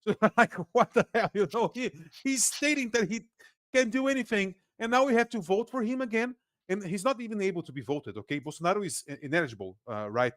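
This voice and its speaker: A Brazilian-accented man talks politics in a casual podcast, sarcastic and animated, acting out the people he mocks. His voice sits high, and the sound is close and dry with no room around it. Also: a little fast, no echo. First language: Portuguese. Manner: animated, sarcastic, acts out quotes. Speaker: guest political commentator.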